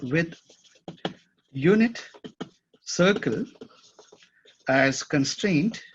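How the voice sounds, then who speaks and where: A man's voice: on the high side, lively intonation, drawn-out words, slight background noise. A man teaching a class at a whiteboard, thinking aloud and often checking that his students follow. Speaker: instructor. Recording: dull lo-fi classroom recording.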